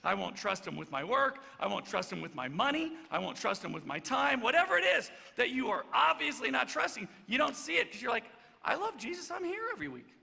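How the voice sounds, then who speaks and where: Animated gravelly-voiced male pastor. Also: very high voice, a little fast, hardly any pauses. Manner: animated, swings from loud emphatic to hushed and soft. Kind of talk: sermon. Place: church sanctuary. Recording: church hall reverb, faint background noise.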